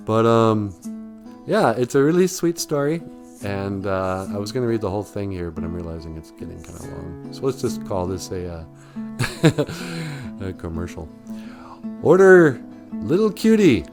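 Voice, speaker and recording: A male podcast host retelling a children's story and reviewing a book in a relaxed, casual way, with many fillers and chuckles. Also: fairly low pitch.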